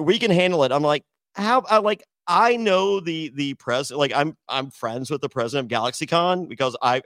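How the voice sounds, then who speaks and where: A man's voice: medium pitch, a bit bright, dry recording, studio quality. A middle-aged man, a podcast guest, telling a long rambling story in casual chat, with many restarts, and acting out the voices of the people in it.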